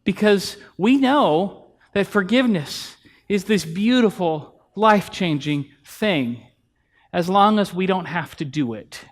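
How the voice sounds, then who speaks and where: A man's voice: high-pitched, lively intonation, slow. A pastor in his thirties giving a conversational sermon in a church, telling family stories and acting out bits of dialogue. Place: church sanctuary.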